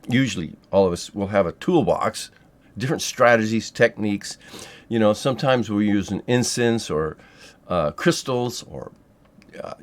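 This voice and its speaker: A man teaching a spiritual technique in a loose, rambling monologue, swearing freely and filling pauses with ums and yeahs. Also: lowish voice. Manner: loose and profane, rambling with many fillers. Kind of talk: casual monologue to camera.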